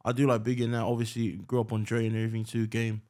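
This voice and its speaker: Fast-talking laid-back young man. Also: fairly low pitch, monotone, warm tone. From New Zealand. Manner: laid-back, lots of "yes, sir" and "you know what I mean". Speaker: guest rapper. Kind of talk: casual podcast chat.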